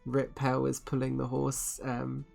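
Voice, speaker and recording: A woman's voice: a bass voice, completely flat delivery, unhurried, gravelly, mellow, soft background music. A woman playing in a tabletop game, talking hesitantly with fillers as she describes her character. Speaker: player.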